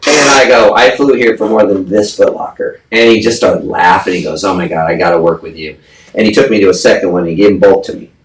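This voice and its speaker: A man's voice: sits low, fast. A man guest on a podcast, telling a story in a blunt, profane, casual way and acting out the voices of people he quotes. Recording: echoey room, distant mic, faint noise.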